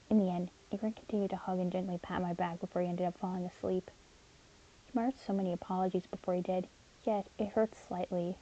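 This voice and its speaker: A woman narrating a first-person audio story as a caring, protective young man named Caleb, in an earnest, steady manner. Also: lowish voice, muffled recording. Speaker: narrator and voice actor.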